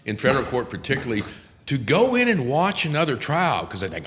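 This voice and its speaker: A man's voice: mid-range voice, huge pitch swings, quick pace, a bit bright, big-room sound, a little hiss or hum. An older man, a defense attorney hosting a podcast, telling courtroom stories in a casual, profane, laughing way. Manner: profane, laughing, acts out quotes. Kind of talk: casual storytelling chat.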